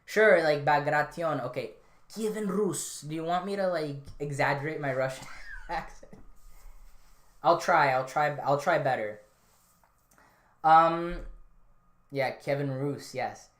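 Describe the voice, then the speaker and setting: A woman's voice: low voice, unhurried, long pauses. A woman hosting a casual solo podcast, rambling and offhand with lots of fillers and restarts. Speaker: podcast host. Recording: roomy, echoey room.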